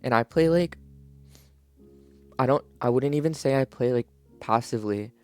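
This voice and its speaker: Soft background music plays as a video creator talks through game patch notes in a clear, resonant, darkish mid-range voice at a moderate pace. It's his just-woke-up morning voice, and his casual commentary wanders, restarts often, and is packed with "like."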